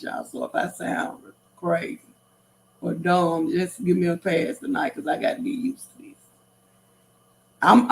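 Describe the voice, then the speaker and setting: Woman, middle-aged, gravelly voice, casual livestream talk, repeats herself, emphatic, talks to viewers. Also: mid-range voice. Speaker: livestream host.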